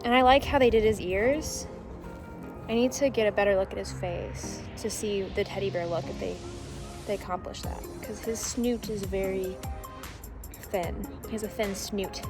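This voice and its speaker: A young woman vlogging casually about her day, rambling and candid, then gushing in high baby talk to her dog. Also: moderate pace, music in the background. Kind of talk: casual vlog chat.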